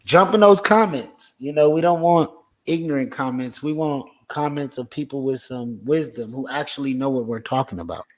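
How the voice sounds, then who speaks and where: A man's voice: medium pitch, normal speed, warm tone. A man hosting a podcast in a casual, laid-back way, talking straight to his viewers. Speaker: podcast host.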